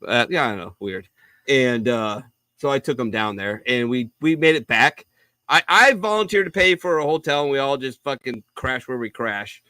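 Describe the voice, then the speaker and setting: Bright-voiced man telling a profane story. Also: medium pitch, lively intonation, normal speed, dry recording. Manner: profane, rambling anecdotes with acted-out quotes. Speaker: podcast co-host. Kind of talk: casual storytelling on a live show.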